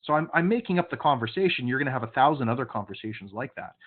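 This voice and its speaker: A man's voice: medium pitch, expressive, racing. Male sales trainer, direct and occasionally scolding, over a tinny call line. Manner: coaching, direct, sometimes stern. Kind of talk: online training session. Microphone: video call. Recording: phone-like video call audio.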